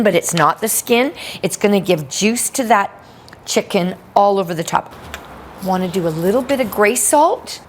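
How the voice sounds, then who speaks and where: A woman's voice: mid-range voice, slight background noise. A woman giving an upbeat cooking demonstration in a kitchen, chatting with playful asides.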